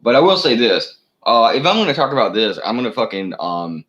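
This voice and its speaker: A man's voice: mid-range voice, sing-song, fairly quick, fairly bright tone, dull audio. A man delivering a rambling solo rant to camera, full of profanity, fillers and false starts. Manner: profane, meandering, many fillers and restarts. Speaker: channel host.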